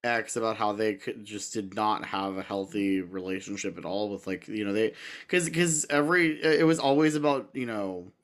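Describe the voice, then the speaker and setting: A man guesting on a podcast, chatting casually and jumping in with quick remarks. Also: fairly low pitch.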